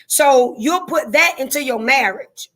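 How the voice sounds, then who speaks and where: High-voiced woman with a Southern drawl. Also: a little slow, a bit bright. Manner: folksy, repeats herself, greets viewers by name. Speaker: live stream host. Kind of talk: casual live-stream chat with viewers.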